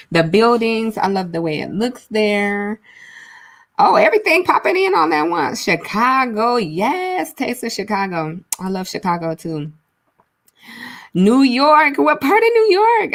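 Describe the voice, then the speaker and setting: A woman's voice: on the high side, a bit bright. A young woman hosting a casual livestream on a large studio mic, chatting with viewers and reading out their comments. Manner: chatty, reads out viewer comments, says y'all often. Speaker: livestream host.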